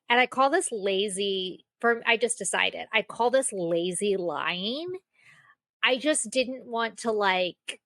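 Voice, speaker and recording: A woman's voice: medium pitch, fairly bright tone, no echo. A young woman hosting a casual solo podcast, telling a self-mocking story with lots of fillers. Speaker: podcast host.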